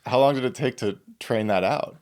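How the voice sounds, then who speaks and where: A man's voice: medium pitch, moderate pace, darkish tone. A man hosting an interview, asking short questions between brief reactions. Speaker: host.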